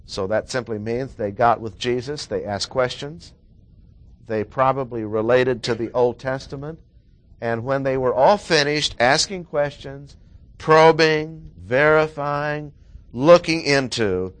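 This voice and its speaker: A man's voice: mid-range voice, measured pace. A man preaching a sermon, explaining a Bible passage with emphatic repetition of key words.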